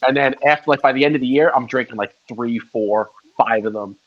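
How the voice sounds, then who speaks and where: A man's voice: mid-range voice, a little fast. Rambling man on a lo-fi recording. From Long Island, New York. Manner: rambling storyteller, swears freely. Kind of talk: casual chat. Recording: dull lo-fi sound.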